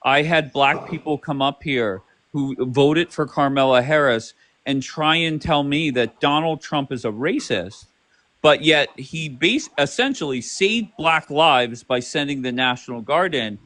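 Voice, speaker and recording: A man's voice: fairly high pitch, a little slow, fairly bright tone, no echo. Combative man hosting a live debate. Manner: combative, interrupting, crude. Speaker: live stream host.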